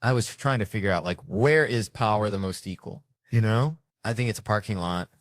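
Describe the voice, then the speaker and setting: A man talks through an observational stand-up bit, wandering and conversational. His voice sits on the low side. The sound is dry and close, with no room around it. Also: a little fast, no echo. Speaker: stand-up comedian. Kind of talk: stand-up storytelling.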